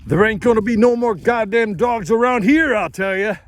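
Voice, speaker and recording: A man voicing his cruel, hard-drinking rural father, speaking in a harsh, threatening, gruff way. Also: mid-range voice, unhurried, a little mellow, a little hiss or hum, close to an everyday voice. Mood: drunken yelling.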